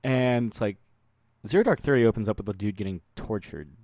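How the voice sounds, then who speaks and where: A man's voice: fairly low pitch, brisk, darkish tone, dry recording, clean studio sound. A man co-hosting a podcast, rambling loosely through casual chat, laughing often and swearing now and then. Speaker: podcast co-host.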